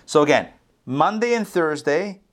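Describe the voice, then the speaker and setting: Man, slightly high voice, relaxed teacher on a video call, chatty and self-correcting. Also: measured pace. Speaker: Torah teacher. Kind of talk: conversational online Bible class.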